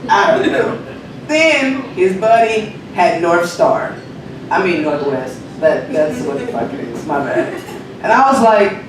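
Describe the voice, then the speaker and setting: In a noisy, reverberant room with the microphone well away from him, a man runs through a stand-up set. His voice is high-pitched and unhurried, and he delivers lively, foul-mouthed stories while laughing at his own material.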